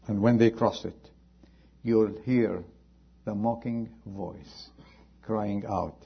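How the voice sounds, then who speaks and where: A husky-voiced male pastor preaching a sermon, swinging between loud pleading and hushed warnings. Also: fairly low pitch, fairly even intonation, takes it slowly, long pauses, lo-fi sound.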